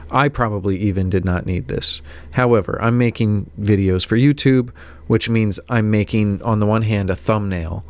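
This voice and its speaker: A man's voice: on the low side, no room sound. A man vlogging about tech gear in a casual, rambling, self-deprecating way, full of fillers. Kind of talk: casual rambling talk to camera.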